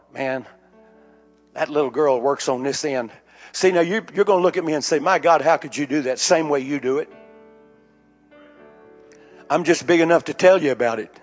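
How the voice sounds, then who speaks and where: A man preaching, telling a personal story to his congregation in a candid, conversational way. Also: a little high. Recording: slightly dull recording with faint music behind.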